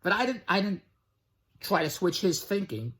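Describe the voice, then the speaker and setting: A middle-aged man giving a blunt, pushy sales pitch straight to the camera, repeating his slogans and swearing freely. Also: big pitch swings, moderate pace, fairly bright tone. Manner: blunt, pushy, repetitive hard sell with profanity. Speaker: online business promoter.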